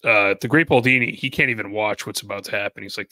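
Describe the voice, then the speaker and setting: A man's voice: on the low side, bright, forceful tone, no room sound. A man co-hosting a podcast, recapping a cartoon episode in a casual, joking way. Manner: narrates plot with jokey asides and quick impressions.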